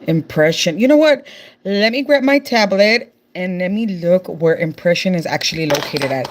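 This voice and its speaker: A woman's voice: on the low side, animated, normal speed, a little hiss or hum. A young woman with a Texan accent chatting casually on a live stream, reading viewer comments aloud and calling everyone "girl". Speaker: livestreamer.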